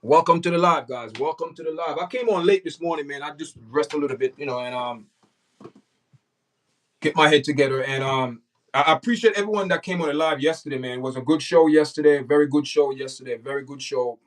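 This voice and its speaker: A man's voice: on the high side, fairly quick, far from the mic, rough recording. A man hosting a casual livestream, talking straight to his chat and repeating himself. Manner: repetitive, talks straight to the chat. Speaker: livestream host.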